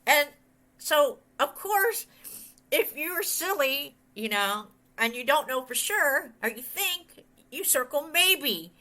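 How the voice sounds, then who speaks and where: A middle-aged woman pastor talks her way through a message in a loose, chatty sermon style. Her voice sits somewhat high and rings bright and forceful. She wanders through anecdotes and acts out the people she quotes. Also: takes it slowly. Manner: rambling, animated, quotes others in voices. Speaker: pastor and author. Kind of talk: conversational sermon with storytelling.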